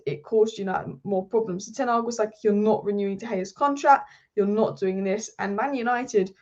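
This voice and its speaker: A woman hosting a football channel, talking through transfer news in a passionate, rapid-fire way. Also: on the high side, darkish tone. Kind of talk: casual football commentary monologue. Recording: slightly dull lo-fi audio.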